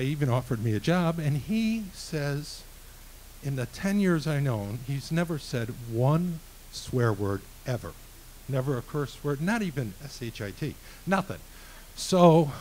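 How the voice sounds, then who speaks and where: A man telling a true story on stage, animated and acting out the dialogue. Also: fairly high pitch, low-quality recording. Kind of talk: live storytelling. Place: live venue stage.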